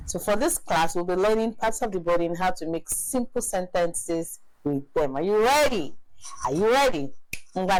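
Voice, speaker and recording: A woman teaches young children, speaking slowly and with a somewhat low voice. She repeats every phrase patiently and coaxes the children to answer. The recording is dry, as if the mic sits close in a small, dead room. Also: no room sound, rough recording. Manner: patient, coaxing, repeats each phrase several times. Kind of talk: slow, repetitive teaching with call-and-response.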